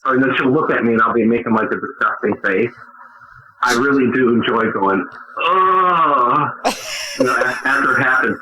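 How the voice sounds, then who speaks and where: A man's voice: medium pitch, fairly even intonation, a little fast, pushed and bright, reverberant. A man co-hosting a podcast, telling rambling, profane stories in casual banter and often breaking into laughter. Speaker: podcast co-host. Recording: dull lo-fi sound with noise.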